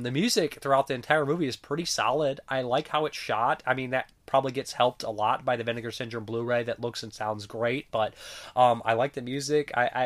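A man casually reviewing movies in a rambling, animated way, swearing now and then, and sounding sick. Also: medium pitch. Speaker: film reviewer.

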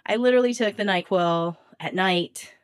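A woman's voice: mid-range voice, normal speed, clear, resonant tone, no room sound, studio quality. Stuffy-nosed chatty woman podcaster. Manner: chatty, animated storytelling with laughs. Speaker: podcast co-host. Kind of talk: casual chat.

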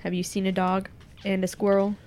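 A woman's voice: mid-range voice, completely flat delivery, brisk, a little mellow, slight background noise. Blunt, persistent woman player. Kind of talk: in-character tabletop role-play.

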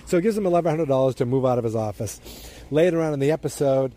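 A man's voice: very fast, mellow. A man casually retelling a TV episode outdoors, rambling and acting out the characters' lines with jumps in his voice. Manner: rambling, acts out quoted lines with jumps in pitch. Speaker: TV episode recapper. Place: outdoors near turning-on sprinklers.

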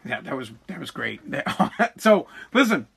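A man's voice: on the high side, sing-song, unhurried, creaky, a bit bright, slight background noise. A man hosting a podcast, ranting heatedly with profanity and frequent restarts. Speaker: podcast host. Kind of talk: ranting political commentary.

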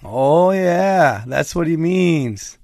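A man's voice: on the high side, lively intonation, very slow, vocal fry, darkish tone, no echo, studio quality. A man talking casually with his viewers, telling a rambling story full of slang. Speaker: streamer chatting with viewers. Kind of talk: casual chat.

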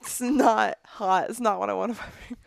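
A woman's voice: mid-range voice, steady tone, moderate pace, creaky, dry recording. A young woman co-hosting a casual podcast in a studio, reading a listener's letter aloud and breaking off into blunt, profane, disgusted commentary. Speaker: podcast co-host.

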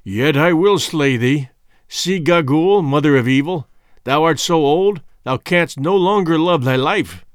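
A man voicing a stern, commanding king in an audiobook, with measured, grave pronouncements. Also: a little high, clean tone, no echo, clean studio sound, lightly acted. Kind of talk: audiobook character voice.

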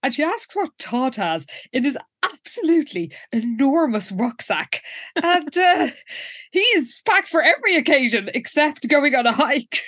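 A woman co-hosting a podcast, recapping a TV episode in a wry, animated conversational manner. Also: sits high, unhurried, no echo, studio quality. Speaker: podcast co-host. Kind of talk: casual episode recap chat.

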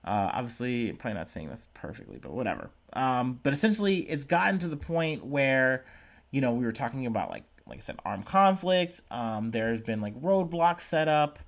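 A man's voice: mid-range voice, sing-song, moderate pace, vocal fry. Young male podcast host, casual solo news chat, lots of "like" and "um", self-mocking. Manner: rambling, filler-heavy, self-deprecating.

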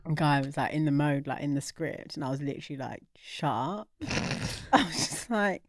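A woman's voice: low-pitched, brisk, no room sound. Young woman, podcast co-host, joking casual chat, dry sound. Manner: chatty, joking, laughing.

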